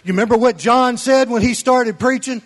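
A man with a notably high voice delivers a sermon from the pulpit. He preaches with fervent, climbing emphasis that pushes toward a shout. Between those peaks he drops into folksy, chuckling asides to the congregation. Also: moderate pace. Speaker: pastor.

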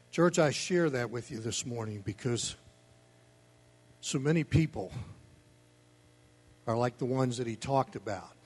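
A male pastor speaks to his church in a sermon, earnest and pressing his points home. His voice is husky, at a middle pitch. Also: lively intonation, takes it slowly, pauses often, a little mellow. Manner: earnest preaching, building emphasis.

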